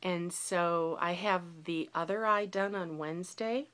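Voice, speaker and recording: A woman's voice: lowish voice, measured pace, a bit bright, smooth. A woman in her forties talking candidly in a reflective personal video diary. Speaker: vlogger.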